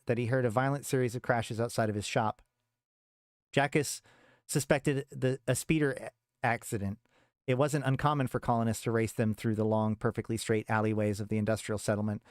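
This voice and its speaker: A man's voice: medium pitch, clear, resonant tone, dry recording, clean studio sound. A man streaming a casual talk on game lore and reading a story aloud, rambling with many restarts.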